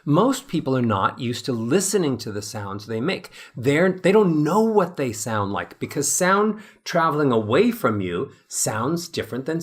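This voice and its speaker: A middle-aged man speaking as a voice coach in an interview, lively and demonstrative, acting out little voices as he explains. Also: on the high side. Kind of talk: animated interview talk.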